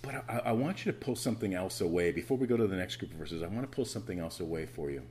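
A man's voice: low-pitched, expressive, racing, darkish tone, a little hiss or hum. A middle-aged man, a pastor, preaching a conversational sermon to his church, repeating words and pressing his points with emphatic rises.

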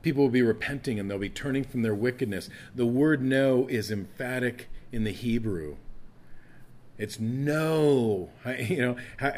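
A man's voice: medium pitch, darkish tone. Man preaching an earnest evening sermon. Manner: earnest teaching with emphatic stresses. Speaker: pastor.

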